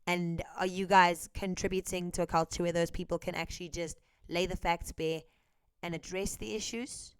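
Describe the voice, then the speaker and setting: A woman's voice: fairly low pitch, steady tone, moderate pace, clear, resonant tone, no room sound, clean studio sound. A South African woman vlogger giving opinion commentary, asking a string of pointed rhetorical questions to her viewers.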